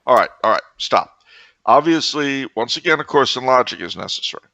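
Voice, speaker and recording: A man co-hosting a podcast, telling absurd stories with deadpan, mock-logical seriousness in casual comedic chat. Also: medium pitch, fairly quick, gravelly, no echo, highs cut off. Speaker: podcast co-host.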